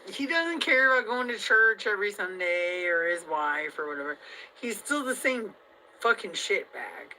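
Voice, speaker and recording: A woman vlogger venting to her viewers in a rambling, heavily profane monologue that swings between loud outbursts and low mutters. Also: sing-song, moderate pace, a little hiss or hum, low-quality recording.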